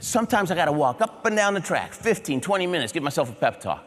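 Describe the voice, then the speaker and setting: Animated man speaking in a reverberant hall. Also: fairly high pitch, fast talker. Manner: animated, punchy short phrases with audience check-ins. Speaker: motivational keynote speaker. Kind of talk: humorous motivational storytelling. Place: large auditorium before a big audience.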